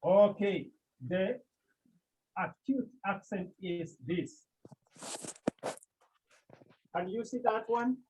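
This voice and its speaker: A man teaching a class, speaking slowly and repeating key terms as he explains step by step. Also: high voice, darkish tone, slightly rough, dull audio. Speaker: Greek teacher. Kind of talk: classroom lesson.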